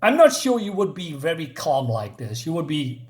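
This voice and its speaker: Brief: male comic reviewer, casual and rambling, voice a little high. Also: big pitch swings, moderate pace, a little mellow. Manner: chatty, many fillers and asides.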